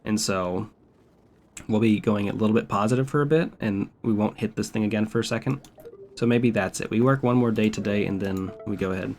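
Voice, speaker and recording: A man's voice: fairly low pitch, brisk, a little hiss or hum. Laid-back, swearing male streamer. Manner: profane, wry and laid-back. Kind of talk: casual gameplay commentary.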